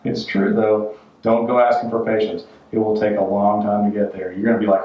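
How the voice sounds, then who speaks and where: The renovation vlogger speaks fairly quickly in a low, dark, monotone voice, trading dry jokes and offhand life tips. Recorded on a job site and in his car, the sound is distant, roomy and dull.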